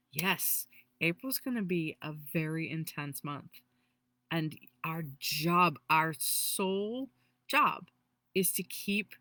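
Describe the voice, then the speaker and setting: A woman in her forties, an energy healer, giving a casual spiritual talk in a rambling, animated way full of restarts. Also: mid-range voice, dry recording. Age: 40s.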